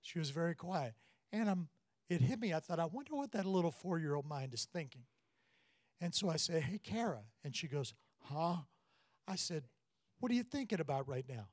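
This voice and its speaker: A man's voice: a little high, normal speed, no echo. A middle-aged man preaching, telling stories from family life and acting out the voices in his anecdotes. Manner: storytelling, animated when quoting. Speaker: pastor. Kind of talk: sermon.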